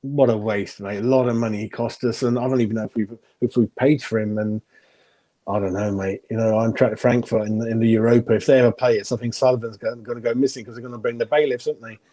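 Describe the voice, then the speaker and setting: Blunt, mellow-voiced football pundit man. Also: mid-range voice, fairly even intonation, fast talker. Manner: blunt, opinionated, laughs at his own jokes. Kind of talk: casual podcast chat.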